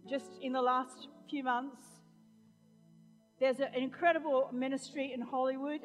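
High-voiced lady pastor preaching, loud bits then chatty stories, echoey church. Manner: preaching, swinging from loud proclamation to chatty storytelling. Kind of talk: sermon. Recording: long hall reverb, faint music.

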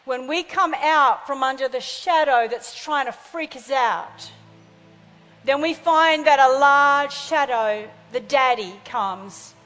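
A woman's voice: high voice, long reverb tail, poor audio. A woman preaching a sermon with fervor, calling out to her congregation for responses. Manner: fervent, calls out to congregation. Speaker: pastor.

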